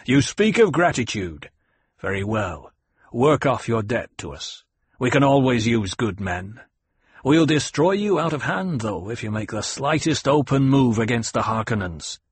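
Man doing a shrewd smuggler boss, a touch higher than his narration, husky and dry. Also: very animated, measured pace, no room sound. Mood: guarded. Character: shrewd cautious male smuggler chief.

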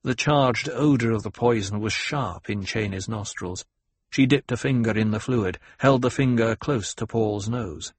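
Husky male audiobook narrator. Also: lowish voice, measured pace. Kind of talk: scripted narration.

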